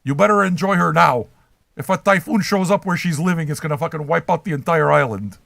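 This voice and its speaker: A man's voice: fairly high pitch, a little fast, gravelly, fairly bright tone, no room sound. An older man hosting a livestream, chatting with his viewers in a profane, trolling, rambling way. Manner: brash, trolling, swears constantly. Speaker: livestream host reacting to chat.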